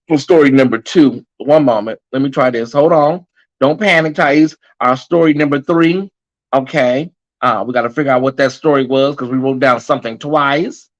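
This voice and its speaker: A man's voice: medium pitch, dull audio. A man hosting a live online commentary show, chatting casually with a sassy manner and calling his viewers y'all and honey.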